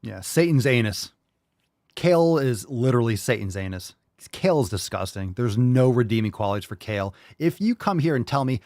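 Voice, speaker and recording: A man's voice: medium pitch, expressive, moderate pace, a little mellow, no echo, studio quality. A man hosting a live podcast who rants bluntly and profanely and mocks his listeners' excuses in put-on voices. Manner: mocking impressions of listeners. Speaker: podcast host.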